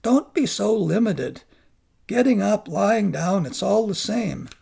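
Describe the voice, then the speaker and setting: Brief: man putting on a rowdy, teasing old Zen monk, high and loud, gravelly edge. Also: expressive, takes it slowly, exaggerated voice. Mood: playful. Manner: loud, teasing, commanding shouts. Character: bold, mischievous older male Zen monk.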